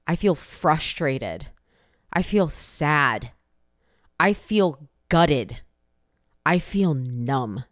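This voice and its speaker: Young asian american woman, really slow deliberate statement, dry close sound, pointed and repetitive. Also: deep voice, clean tone, dry recording. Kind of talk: impassioned personal statement.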